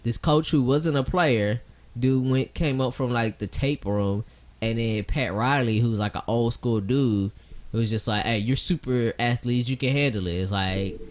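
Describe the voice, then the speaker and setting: A man's voice: medium pitch, moderate pace. Laid-back young man in casual podcast chat. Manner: laughs often, swears freely, slips into goofy voices. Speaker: podcast co-host.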